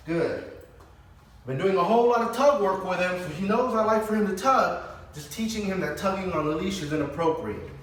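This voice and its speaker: A man demonstrating dog training and calmly explaining each step, with sudden high-pitched bursts of excited praise. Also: a little hiss or hum. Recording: echoey, distant camera mic.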